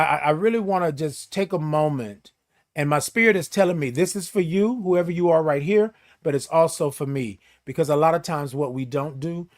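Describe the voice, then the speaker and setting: A man hosting a casual morning livestream, speaking in an emphatic, preachy way and greeting viewers by name. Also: on the high side. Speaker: host.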